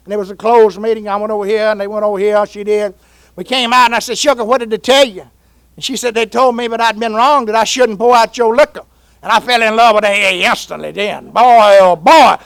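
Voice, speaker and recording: High-voiced Southern man telling his story. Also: fairly bright tone, no room sound. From Georgia, US. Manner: folksy, storytelling, earnest. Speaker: recovery meeting speaker. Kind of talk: personal testimony talk.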